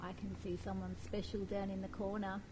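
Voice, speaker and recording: A woman co-presenting a children's storytime show, gushing and warm, laughing often. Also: medium pitch, monotone, fairly quick, background noise.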